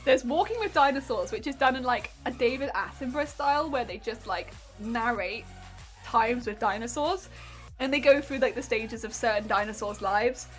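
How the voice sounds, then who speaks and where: A chatty, giggly young woman livestreams while sewing, gushing about a show and reading chat messages aloud. Her voice is fairly high and her pace moderate, with faint music playing in the background.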